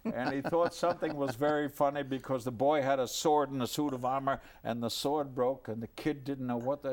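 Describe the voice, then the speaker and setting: An older man telling a personal anecdote in a lively, animated way, dropping low for his asides. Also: fairly quick, few pauses. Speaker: storyteller. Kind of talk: anecdotal storytelling.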